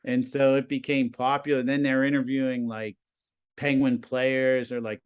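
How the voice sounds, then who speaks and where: A man in his fifties, a high school TV production teacher, telling stories casually as a guest and acting out the conversations he quotes. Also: normal speed, smooth, dull audio. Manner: animated, acts out quoted conversations. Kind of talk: casual storytelling.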